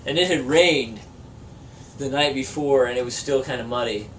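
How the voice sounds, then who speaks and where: A man's voice: medium pitch, moderate pace. A young man in a band, casually telling a long, profane story in an interview and laughing through it. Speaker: band member. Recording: distant mic with faint room noise.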